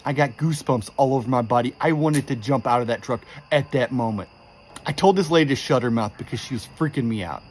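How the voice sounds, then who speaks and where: A man telling a creepy true story in a casual, animated way, quoting the people in it with exasperation. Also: medium pitch, fast, slight background noise. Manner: animated, exasperated retelling with quoted dialogue.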